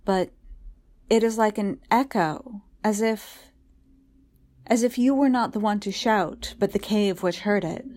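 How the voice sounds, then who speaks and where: A gentle, anxious gentleman in a storybook reading, as a woman puts him on, soft and hesitant, pitched noticeably higher. He sounds fussy and earnest. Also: measured pace, natural voice. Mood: wondering. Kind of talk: audiobook reading.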